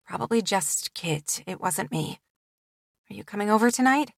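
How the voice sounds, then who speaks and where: A woman's voice: mid-range voice, animated, moderate pace, vocal fry, dry recording, studio quality. Woman narrator voicing a wry woman artist. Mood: flippant. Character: sardonic adult woman artist on the phone.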